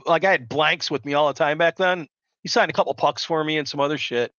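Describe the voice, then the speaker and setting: A man rambles through a live stream, loud and foul-mouthed. His voice is forceful and a bit high, and the sound is dull and dry, like a lo-fi mic. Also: steady tone, quick pace, no room sound. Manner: loud, rambling, swears constantly. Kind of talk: profane casual storytelling chat.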